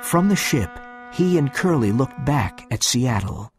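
A man reading a storybook aloud slowly and carefully for English learners. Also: mid-range voice, very animated, faint music behind. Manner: slow, careful, clearly paced reading.

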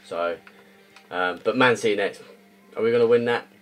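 A man's voice: on the low side, moderate pace. A young man giving frustrated, ranting gameplay commentary that swears and repeats itself. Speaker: gaming video creator. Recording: faint music behind.

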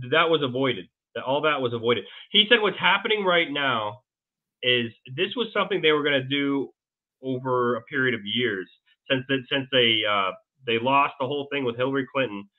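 Rambling man over a tinny line. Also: medium pitch. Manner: rambling, halting, many restarts and fillers. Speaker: guest. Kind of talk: casual interview storytelling.

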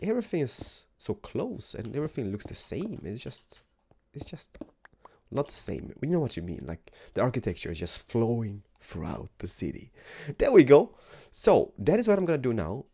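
A man's voice: mid-range voice, very animated, normal speed, mellow, slightly rough. A young man giving rambling, casual gameplay commentary in a tired morning voice, repeating words and sometimes dropping to a whisper. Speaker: gaming video host.

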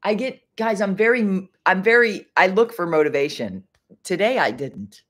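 A woman's voice: medium pitch, animated, normal speed, a bit bright. A middle-aged woman hosting a rambling faith livestream from home, chatty and easily distracted, laughing often. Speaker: livestream host.

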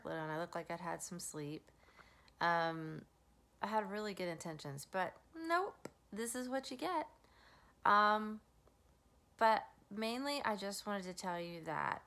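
A middle-aged woman speaks through tears in a heartfelt birthday video for her sister. Her voice is low and gravelly with vocal fry, and she rambles emotionally with plenty of ums. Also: fairly bright tone. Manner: emotional, rambling with many fillers. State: tearful. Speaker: younger sister.

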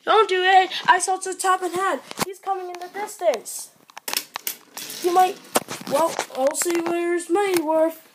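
A woman's voice: extremely high pitch, steady tone, a little slow, noisy background, voice pushed up. A woman voicing a worried brake van anxiously warning the others in a toy train story. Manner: anxious, pleading.

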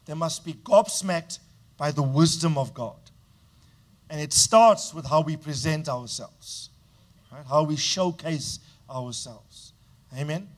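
A man's voice: on the high side, takes it slowly. A male pastor preaching a sermon with emphatic delivery, often stopping to prompt the congregation to answer back. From South Africa.

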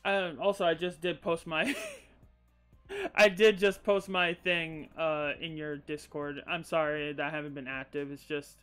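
A man's voice: high voice, slow, long pauses, sharp tone, clean tone, faint music behind. A man streaming live and chatting casually with viewers, rambling and swearing freely, a bit loopy after a sneezing fit.

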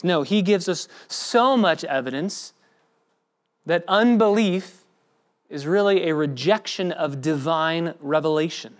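A man's voice: a little high, a little slow. A man preaching a sermon as pastor, acting out the voices of the people he quotes. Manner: expressive preaching, acts out quoted speech.

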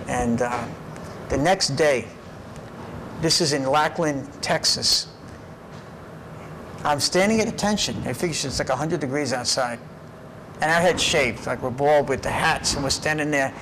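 A man in his fifties telling lively personal stories as an interview guest, often tagging his sentences with "right?". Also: on the high side, unhurried, pauses often, slight background noise, poor audio. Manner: lively, tags phrases with "right?". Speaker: interview guest, karate teacher. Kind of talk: animated personal storytelling. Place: karate gym.

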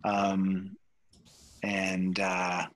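A man narrating a tabletop game as dungeon master, halting with many fillers. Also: deep voice, monotone, fairly bright tone, low-quality recording.

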